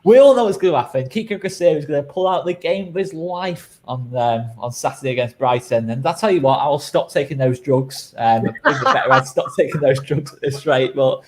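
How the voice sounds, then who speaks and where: A man's voice: a little high, fairly quick, hardly any pauses, a little hiss or hum. A man hosting a casual football fan chat, bantering and laughing in an exasperated way. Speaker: host.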